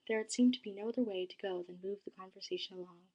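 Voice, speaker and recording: A woman reads a first-person story aloud, soft and dramatic, with some passages sinking to a hush. Her voice is breathy and airy, at a middle pitch. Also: fast talker, highs cut off.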